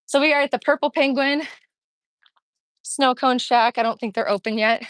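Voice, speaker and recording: Walking outdoors along a town street, a middle-aged woman streams live from the phone in her hand. Her high-pitched voice moves at normal speed, chatty and upbeat though breathless. The audio is low quality and has no echo.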